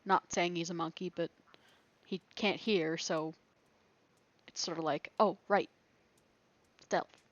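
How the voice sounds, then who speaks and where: A woman's voice: on the low side, fairly even intonation, measured pace, pauses often, dry recording, highs cut off. Giggly woman rambling through gameplay. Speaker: gaming video creator. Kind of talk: thinking aloud during gameplay.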